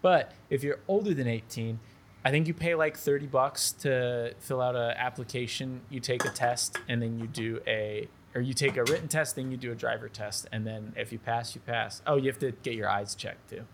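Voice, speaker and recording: A man's voice: mid-range voice, moderate pace, gravelly, slight background noise. A man co-hosting a podcast, explaining things in casual chat with hesitant, filler-heavy speech. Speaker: podcast co-host.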